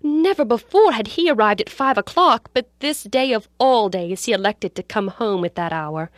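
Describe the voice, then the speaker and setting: A woman narrating a story aloud in a measured, dramatic reading style. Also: fairly high pitch, expressive, no room sound, clean studio sound.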